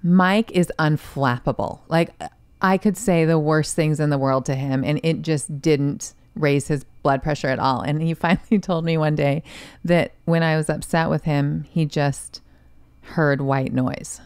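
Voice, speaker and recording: A woman's voice: low voice, fairly even intonation, measured pace, darkish tone, smooth, no room sound. A woman speaking as a guest on a podcast, chatting candidly and conversationally with frank asides. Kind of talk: casual podcast chat.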